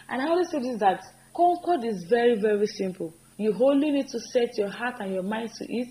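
Woman teaching grammar, slow emphatic examples. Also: fairly high pitch, animated, warm tone, rough recording. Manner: repeats example sentences slowly and emphatically; earnest, encouraging. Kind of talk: spoken grammar lesson.

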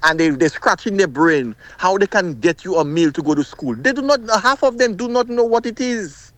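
A man's voice: sits high, animated, moderate pace, a bit bright, no room sound. A middle-aged man, calling in to a radio talk show with impassioned, emphatic speech that often repeats itself. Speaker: caller.

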